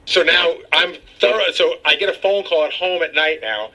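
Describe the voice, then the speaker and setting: A man, a radio co-host, telling a story with animated indignation. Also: a little high, normal speed, low-quality recording. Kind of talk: casual radio banter.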